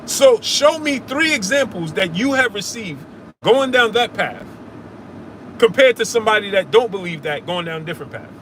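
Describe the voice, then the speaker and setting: Combative high-voiced man arguing with chat. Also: animated, moderate pace, a bit bright, a little hiss or hum. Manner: argumentative, repeats himself, calls listeners brother. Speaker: sports show host answering live chat. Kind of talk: heated casual live-stream talk.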